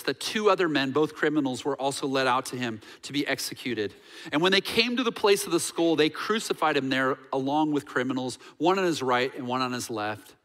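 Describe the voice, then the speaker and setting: A man's voice: fairly high pitch, fairly bright tone. A male pastor preaching a sermon in a church, earnest, with fillers and repeated words. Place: church sanctuary. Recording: reverberant church hall.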